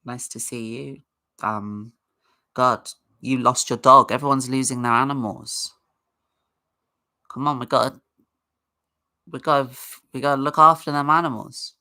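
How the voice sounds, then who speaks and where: A woman's voice: very deep voice, steady tone, measured pace, pauses often, pushed and bright. A woman hosting a casual livestream, chatting in a rambling way and greeting viewers in the chat. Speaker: livestream host.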